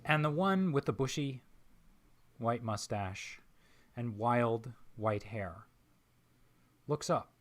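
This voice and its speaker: A man narrating as game master of a tabletop role-playing game, describing scenes in a measured, pausing way. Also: mid-range voice. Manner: measured, descriptive, with frequent pauses.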